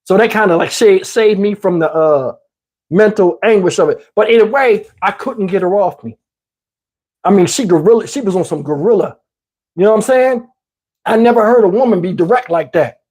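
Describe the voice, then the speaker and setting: A man in his fifties hosting a livestream, telling a story casually and profanely, animated and rambling with many restarts. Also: sits high, moderate pace. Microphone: wearing a microphone.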